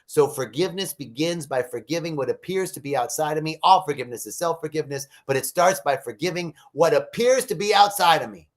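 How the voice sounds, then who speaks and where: A man hosting a casual spiritual talk on a live stream. His voice sits a little high and jumps up when he gets excited. He laughs often and tells jokes along the way. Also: a little fast, hardly any pauses.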